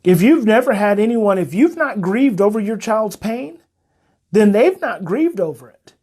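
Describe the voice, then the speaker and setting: A man, a parenting coach and host, giving a heartfelt motivational talk to parents. He talks emotionally and earnestly, repeats his phrases, and often turns soft and soothing. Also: sits high, lively intonation, moderate pace, husky.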